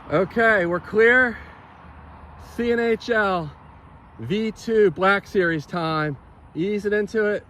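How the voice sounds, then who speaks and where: Man, high voice, casual hobby vlog host, enthusiastic, thinking aloud, outdoors by a road, faint background noise. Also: takes it slowly, long pauses, fairly bright tone, rough recording. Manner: enthusiastic, thinking aloud while reading data. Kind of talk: casual hands-on testing vlog.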